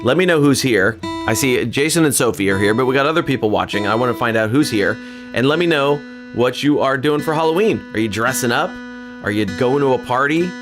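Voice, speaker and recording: An animated, fairly quick man with a medium-pitched voice hosts a livestream from his California home, playing guitar that is faint in the background. His talk is casual, earnest, rambling, and self-deprecating, full of restarts.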